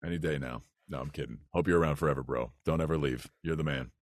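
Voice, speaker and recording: A man from the United States, an actor and podcast guest, telling an anecdote in an animated, casual way and laughing through it. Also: very deep voice, fast, no echo, clean studio sound. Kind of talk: casual storytelling.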